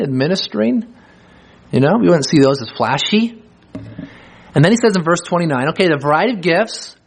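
A man preaching an expository sermon, reading verses slowly and then explaining them with rhetorical questions. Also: sits high, slightly rough.

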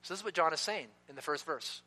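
A man preaching a sermon in an emphatic way, slowing down to stress key words. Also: fairly high pitch, sharp tone. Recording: long reverb of a hall.

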